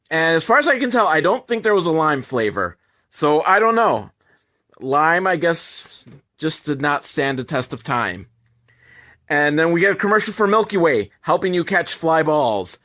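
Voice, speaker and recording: Animated, profane male movie reviewer. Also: a little high, moderate pace. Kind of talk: comedic movie recap commentary.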